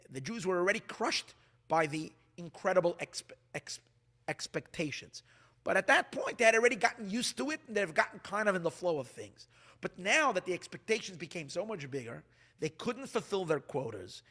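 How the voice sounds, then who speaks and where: Animated rabbi with a bright high voice. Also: male voice, brisk. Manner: animated, restarts often, acts out quoted dialogue. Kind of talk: sermon.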